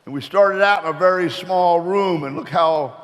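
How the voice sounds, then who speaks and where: A middle-aged man talks from the stage in a rambling, folksy way that turns earnest and motivational. His voice sits a touch high for a man. A long reverb from a large hall carries each phrase. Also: normal speed, a bit bright. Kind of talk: motivational speech with folksy joke.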